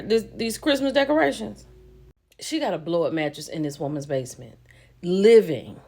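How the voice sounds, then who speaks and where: A woman hosting a casual recap vlog, talking to her viewers in a slangy, animated way and calling them baby and y'all. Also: low-pitched. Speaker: reaction video host.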